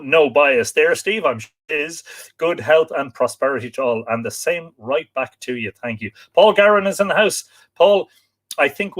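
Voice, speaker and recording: A man's voice: medium pitch, fairly bright tone. An Irish man hosting a live stream, reading out viewers' names and locations and greeting each one, with frequent hesitations and "uh"s. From Ireland. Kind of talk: casual live stream chat.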